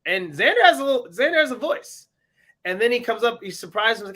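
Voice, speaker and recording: A man co-hosting a podcast, recapping a TV episode in casual, animated chat and slipping into voices for the characters. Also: very high voice, brisk. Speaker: podcast co-host.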